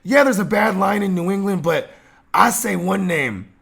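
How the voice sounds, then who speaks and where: High-pitched dude hosting a sports podcast, swears a lot, laughs a bunch, lots of "you know what i mean". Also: male voice, normal speed, creaky, breathy edge. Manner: animated, swearing, laughing often, lots of fillers. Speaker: podcast host. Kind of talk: casual sports chat.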